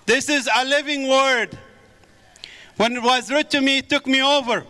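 A man's voice: extremely high pitch, steady tone, moderate pace, sharp tone. Fervent middle-aged man preaching in a hall. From Middle East. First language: Arabic. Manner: fervent preaching with exclamations of praise. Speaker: guest speaker. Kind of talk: sermon-style testimony. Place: large church hall with audience. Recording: echoey hall with audience.

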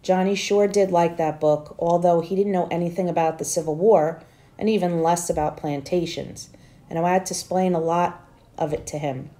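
A woman teacher reading a novel aloud to her students, in steady, plain storytelling. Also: lowish voice, normal speed.

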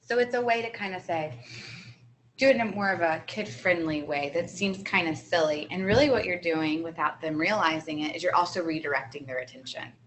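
A woman co-presenting a training seminar for early childhood educators, speaking gently and in a kid-friendly way. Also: fairly low pitch, a little fast, slight background noise.

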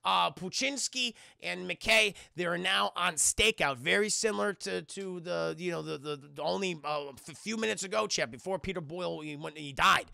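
A man's voice: high voice, normal speed, vocal fry, few pauses, pushed and bright, no room sound. A man giving casual live-stream commentary on a TV episode, rambling and profane, with many restarts as he talks to his chat.

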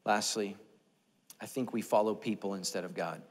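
A man's voice: fairly low pitch, steady tone, normal speed. A man preaching a sermon as pastor, in a humorous, self-deprecating, conversational way. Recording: echoey church hall.

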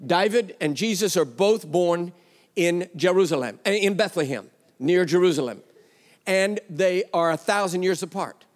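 A man's voice: high voice, expressive, normal speed. A man preaching a sermon, telling a story with quoted dialogue and an emphatic delivery. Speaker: pastor. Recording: long reverb of a large hall.

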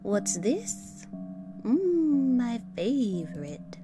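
A woman voicing a kindly old lady neighbor, high and drawn out, with game music behind. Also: very animated, drawn-out words, heavily acted.

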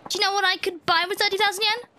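A woman's voice: very high voice, fairly even intonation, very fast, bright, forceful tone, slight background noise, pitched above the performer's own voice. Cheated young woman customer, huffy and exasperated; woman voicing her. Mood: indignant.

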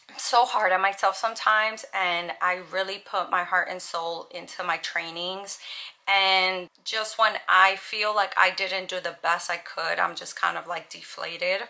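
A woman's voice: fairly low pitch, bright, forceful tone. A young woman vlogger talking casually and earnestly to camera, peppering her speech with "like". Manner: chatty, earnest, lots of "like". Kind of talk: casual vlog monologue.

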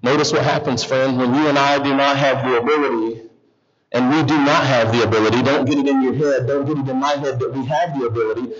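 Speaking quickly at a medium pitch, a guest pastor preaches with animation, continually posing questions to the congregation. The slightly dull church audio also picks up the people present.

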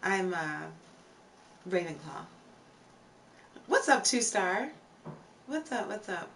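A woman's voice: medium pitch, sing-song, takes it slowly, pauses often, fairly bright tone. A young woman chatting casually on a live stream, greeting viewers from chat as she talks. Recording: slightly distant mic, faint background noise.

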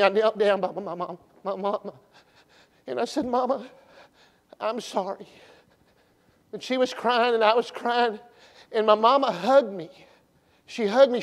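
A man preaching at a revival, telling a story in a folksy way and shifting from hushed to loud. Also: high voice. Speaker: pastor. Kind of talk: revival sermon. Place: church sanctuary. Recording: long church reverb.

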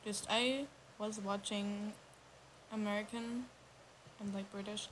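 A young woman on a livestream, serving as co-host, talks slowly and casually in English, thinking out loud with wandering, restarted sentences full of ums and minor stumbles. Her pitch is medium and her tone steady, and the rough recording carries a faint hiss.

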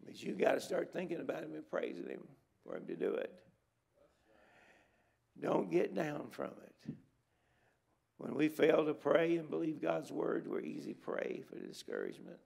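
A middle-aged man delivers an emphatic sermon from a church pulpit. His voice is gravelly and pitched a little high. He exhorts the listeners and repeats key words to drive his points home. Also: wildly swooping pitch, normal speed, a little mellow. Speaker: preacher. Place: church sanctuary at a conference.

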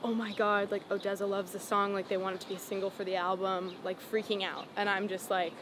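A woman's voice: medium pitch, level tone, fast talker. Chatty young woman, street noise behind. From Los Angeles. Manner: chatty, many "like" fillers, laughs often. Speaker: singer-songwriter guest. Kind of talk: casual interview storytelling. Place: outdoors on a city sidewalk.

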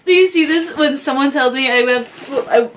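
A young woman, a beauty YouTuber, chatting casually as she unboxes a swap package, excitable and full of "like" fillers. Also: sits high, a little hiss or hum. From New York area.

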